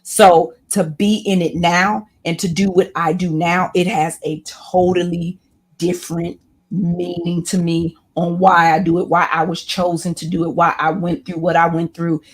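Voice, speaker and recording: A woman's voice: fairly low pitch, little pitch movement, measured pace, husky. Impassioned woman with a preacherly flow. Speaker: guest, women's class leader. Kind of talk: candid interview talk.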